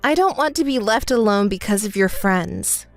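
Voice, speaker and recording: A woman's voice: medium pitch, expressive, moderate pace, soft background music. A woman reading the bride's messages aloud in a text story, scolding and indignant. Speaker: narrator voicing the bride.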